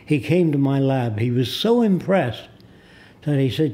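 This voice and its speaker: Mellow-voiced man in his nineties. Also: mid-range voice, expressive. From United States. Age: 90s. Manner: deliberate storyteller who acts out the people in his stories. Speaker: guest. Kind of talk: storytelling in a studio interview. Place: studio.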